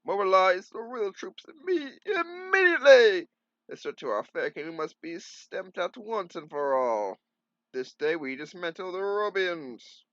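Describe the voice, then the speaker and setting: A furious, booming old king barks his orders, as a man puts him on. The voice leaps around in pitch with real heat, recorded dry and a little dull. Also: expressive, unhurried, fairly bright tone, no room sound, exaggerated voice. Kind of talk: comic reading aloud.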